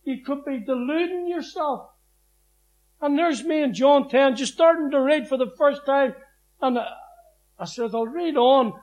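High-pitched man, testimony sermon, emphatic storytelling. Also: measured pace, darkish tone, lo-fi sound. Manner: emphatic storyteller, acts out scripture quotes. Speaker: preacher giving his testimony.

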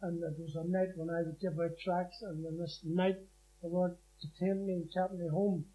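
Male preacher, high voice, emphatic testimony storyteller who acts out the scripture he quotes. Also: level tone, moderate pace, warm tone, rough recording. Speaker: preacher giving his testimony. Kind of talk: personal testimony sermon.

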